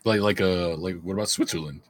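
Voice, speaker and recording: A man co-hosting a casual podcast chat, laughing often and pausing with fillers. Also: deep voice, fairly even intonation. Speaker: podcast co-host.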